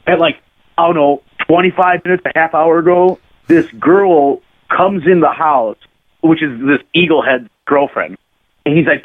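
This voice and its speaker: Guy rambling a crude story, swears a lot, laughs as he goes, fairly high voice, sounds like a phone line. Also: normal speed. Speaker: podcast guest, bass player. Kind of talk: casual storytelling.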